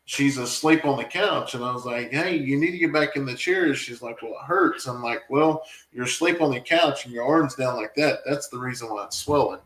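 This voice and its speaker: A man's voice: medium pitch, normal speed, fairly bright tone, echoey room, low-quality recording. A man, a family farm vlogger, rambling and emotional as he talks back to viewer comments in a casual live stream.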